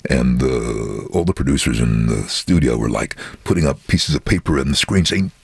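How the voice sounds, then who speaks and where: Booming deep-voiced middle-aged man. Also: normal speed, creaky, breathy edge, no room sound. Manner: animated, chuckling storyteller. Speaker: voice-over artist, interviewee. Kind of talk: casual storytelling in an interview.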